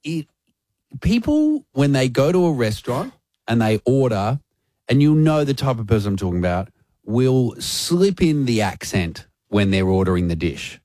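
A man's voice: medium pitch, very animated, normal speed, mellow, no room sound. Aussie radio guy bantering, voice bounces all over, dry close sound. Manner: chatty, teasing, mimics others' ordering voices. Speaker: radio co-host.

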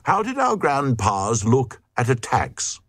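A man's voice: mid-range voice, huge pitch swings, slow pace, no echo, pitched above the performer's own voice, heavily acted. A man voicing a crowd of foolish townsfolk crying out indignantly in a storybook reading. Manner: shouting, indignant.

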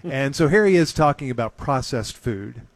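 A man hosting a show, chatting casually and recounting a comedy show he saw with relaxed enthusiasm. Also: medium pitch, moderate pace, slight background noise. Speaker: radio host. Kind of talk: casual chat.

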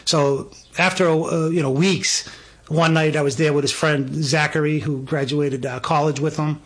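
A middle-aged man shares a personal story in casual conversation, earnest and emphatic, growing animated whenever he quotes someone. His voice is a little high and his pace moderate.

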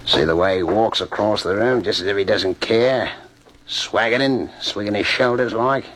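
An actor playing a boastful, hearty master thief in 1940s radio acting. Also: male voice, fairly low pitch, moderate pace, fairly bright tone. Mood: sly. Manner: hearty, laughing, bossy and boastful. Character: boastful gravelly male master thief, middle-aged.

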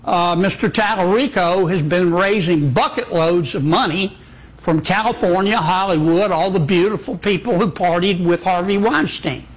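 A man speaking as a senator in an interview, folksy and plainspoken with hesitant filler pauses. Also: sits high, rough recording. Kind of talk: interview remarks.

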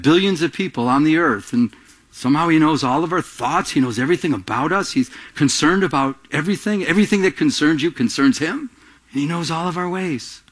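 A middle-aged man preaching a sermon as pastor, animated, jumping between loud emphatic lines and quiet asides, acting out little voices in his stories. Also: high-pitched. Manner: acts out little voices in anecdotes, laughs while telling them.

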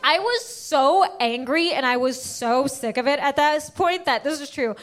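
A woman's voice: sits high, animated, a little slow, a bit bright. A woman doing brash, self-mocking stand-up storytelling. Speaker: stand-up comedian. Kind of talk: stand-up comedy.

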